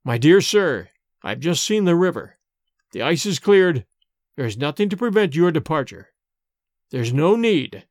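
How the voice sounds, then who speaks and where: A man voicing a stern, grief-stricken family head who shouts fierce commands. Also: fairly high pitch, sing-song, unhurried, no echo, studio quality. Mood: firm.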